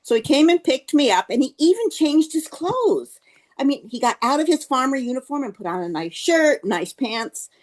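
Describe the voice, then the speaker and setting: A woman's voice: sits high, sing-song, moderate pace. A woman giving a humorous personal anecdote speech at a club meeting, acting out quoted dialogue as she tells it. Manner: storytelling, acts out quoted dialogue.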